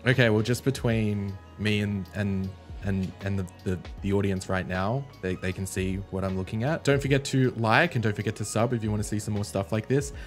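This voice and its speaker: A man's voice: lowish voice, fairly even intonation, brisk, few pauses, faint music behind. A young man with an Australian accent hosting a reaction video in casual chat, talking chattily and stumbling over his words.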